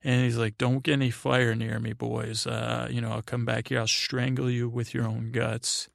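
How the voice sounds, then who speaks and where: A man with a gravelly, creaky voice rambles through a casual recap, full of fillers and side remarks. He speaks in a flat tone, close to the mic in a dry room. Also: medium pitch, normal speed, no room sound. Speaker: podcast host. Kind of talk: rambling sleep podcast episode recap.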